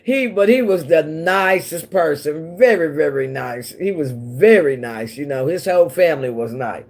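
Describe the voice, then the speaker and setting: She has a deep, slightly mellow voice, speaking animatedly at a moderate pace. A woman from the central United States (Missouri and Oklahoma), she hosts a casual livestream, chatting in a rambling manner with viewers and laughing often.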